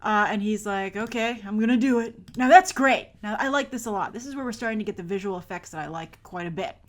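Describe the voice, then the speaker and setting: A woman hosting a casual trailer review, chatty and enthusiastic, with quick asides and self-corrections. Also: medium pitch. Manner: acts out characters' thoughts in playful mock voices. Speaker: host.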